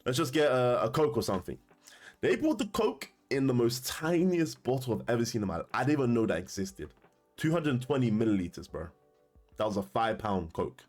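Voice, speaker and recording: A man's voice: medium pitch, sing-song, brisk, a little mellow, soft background music. A man telling a story to camera in a casual, slangy way, often laughing. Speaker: commentator.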